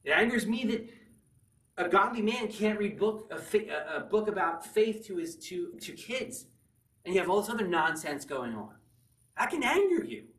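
Male pastor, slightly high voice, earnest sermon delivery, echoey room from afar. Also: animated, normal speed, distant mic. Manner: earnest preaching, rising to near-shouts with spontaneous laughs.

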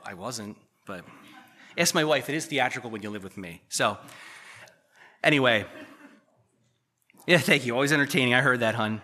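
A man preaching a sermon, reading scripture aloud and breaking off into animated asides to the congregation. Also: mid-range voice, normal speed. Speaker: pastor.

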